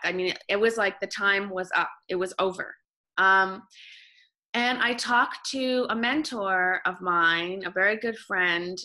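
A woman from Canada, a podcast guest and author, talking in a casual, animated way with quick restarts. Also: medium pitch. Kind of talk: casual interview talk.

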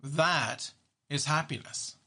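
A man's voice: on the high side, slow pace, sharp tone. A man, a therapist, talking casually about everyday moments and acting out his own reactions, with many restarts. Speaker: therapist and podcast host. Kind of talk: casual monologue.

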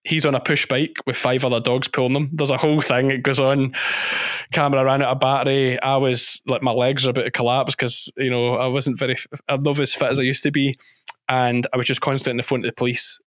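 A man, a sheep farmer and former policeman, recounting a story in a podcast interview with emphatic, animated delivery and frequent restarts. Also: medium pitch, quick pace, dry recording, studio quality.

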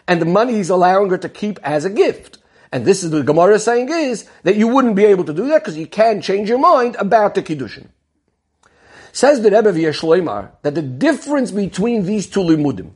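Male Torah teacher, high husky voice, patient explanatory lesson delivery. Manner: explanatory, repeats key terms, Hebrew and Yiddish terms. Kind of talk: Talmud lesson.

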